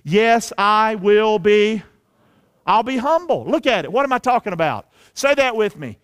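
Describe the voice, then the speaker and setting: A man preaching a sermon as pastor, energetic and colloquial, calling on the congregation to repeat lines after him. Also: sits high, measured pace, smooth. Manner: colloquial, drops into folksy slang. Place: church sanctuary.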